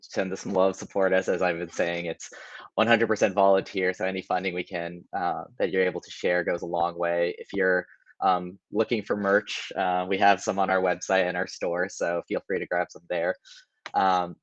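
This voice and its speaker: A man's voice: low voice, little pitch movement, normal speed, dry recording, highs cut off. A man, the conference organizer, speaking earnestly and hesitantly over a video call, with many ums. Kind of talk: casual remarks at a virtual conference.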